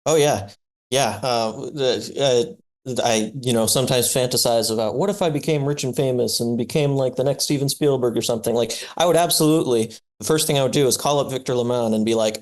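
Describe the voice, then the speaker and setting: Male podcast co-host, mid-pitched, excitable, loose and full of fillers. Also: a little fast. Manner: excitable, laughing, many fillers and restarts. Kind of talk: casual podcast chat.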